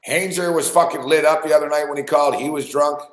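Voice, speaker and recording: A man's voice: fairly high pitch, fairly even intonation, fast talker, reverberant. A man hosting a radio sports show, telling a rambling story in casual chat, swearing often and laughing.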